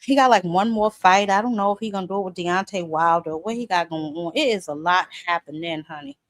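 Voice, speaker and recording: A woman's voice: lowish voice, fairly quick, dry recording, low-quality recording. A woman hosting a boxing talk show in a casual live-stream chat, sassy and chatty, calling viewers "honey" and "child" and greeting them by name.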